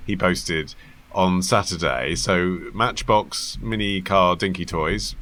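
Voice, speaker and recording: A man with a lowish voice hosts a news podcast, steering the panel with wry, brisk links. He is at ease and keeps things moving. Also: fairly bright tone. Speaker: podcast host. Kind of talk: hosting a news discussion podcast.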